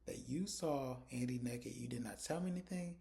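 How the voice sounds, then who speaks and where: A man voicing an angry, suspicious woman who confronts her partner with sharp, demanding questions. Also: mid-range voice, normal speed, creaky, lightly acted. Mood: indignant.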